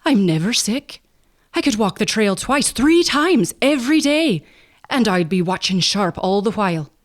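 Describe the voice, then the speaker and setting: A woman's voice: medium pitch, very animated, a little slow. A woman doing an eager young farm boy. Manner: pleading, eager.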